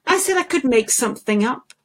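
A woman, a singing voice specialist, talking as a guest in an interview, thoughtful and unhurried, telling stories with many restarts. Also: a little high, lively intonation. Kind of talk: conversational interview.

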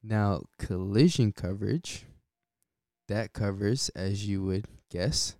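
A man hosts his podcast in a relaxed, unhurried way, often breaking into a short chuckle. His voice sits low and comes through smooth and resonant. The sound is dry and close, with no room in it. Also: no echo. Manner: laid-back, chuckles often between points. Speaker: podcast host. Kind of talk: casual solo podcast talk.

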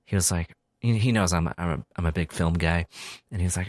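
A man co-hosting a podcast in casual chat, an animated storyteller who acts out his friends' lines. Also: low-pitched, a little fast, dry recording, studio quality. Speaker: podcast co-host.

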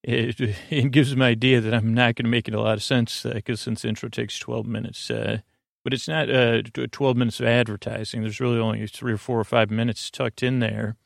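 A man hosting a sleep podcast, reading listener reviews aloud in a halting way, with many ums and restarts. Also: mid-range voice, flat delivery, gravelly, no echo, studio quality. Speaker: podcast host.

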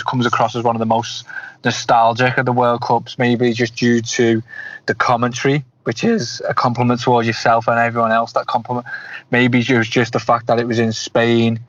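A man in his thirties hosts a football podcast, asking long, winding questions that stumble over restarts before getting to the point. His pitch is middling, and the audio has a dull, lo-fi quality. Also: a bit bright, no echo. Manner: rambling, many restarts. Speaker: podcast host. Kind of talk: interview questions.

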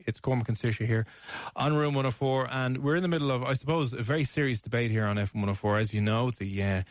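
A man's voice: medium pitch, fast talker, no echo, soft background music. Irish man, radio host, teasing banter, mock outrage, dry studio sound.

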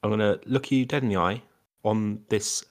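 A man's voice: lowish voice, moderate pace. Rambling, playful podcast co-host man. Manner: rambling, playful, full of fillers and restarts. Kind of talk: casual chat.

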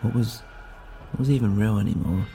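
A man's voice: lowish voice, a little fast, dark tone, faint music behind. A man narrating a first-person audio drama in a brooding, introspective way.

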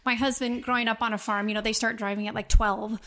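A middle-aged woman, a mother, telling a family story in a casual, animated way and acting out her children's lines. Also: a little high, fast talker. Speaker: guest, mother.

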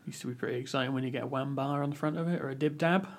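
A man's voice: mid-range voice, steady tone, racing. A British man in a casual podcast chat, joking and teasing the others. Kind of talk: casual banter.

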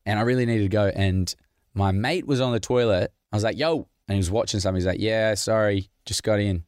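A man with a lowish voice rambles through listener questions. He jokes and laughs as he goes. The sound is dry and close. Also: steady tone, a little fast, darkish tone, clear, resonant tone, no room sound. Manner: jokey, rambling, laughs often. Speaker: podcast host. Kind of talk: casual Q&A chat.

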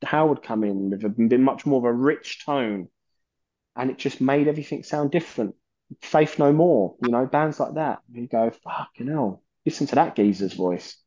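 A man's voice: mid-range voice, moderate pace, darkish tone, highs cut off. A man, a guest on a metal podcast, talking passionately and rambling, with plenty of swearing. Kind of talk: casual chat.

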